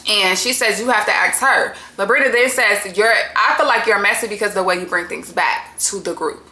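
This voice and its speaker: A woman's voice: mid-range voice, a little fast, pushed and bright. Blunt, cursing woman recapping reality TV. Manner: blunt, exasperated, heavy cursing. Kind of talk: casual profane recap commentary. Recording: echoey room.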